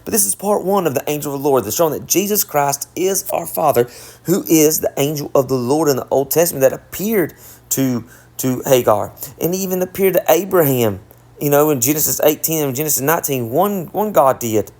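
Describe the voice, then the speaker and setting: A man's voice: a little high, animated, fairly quick, darkish tone. A man with a Southern US accent preaches a Bible study. He reads scripture aloud, then explains it emphatically, repeating key points and correcting himself as he goes. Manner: emphatic, repetitive, self-correcting. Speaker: Bible teacher.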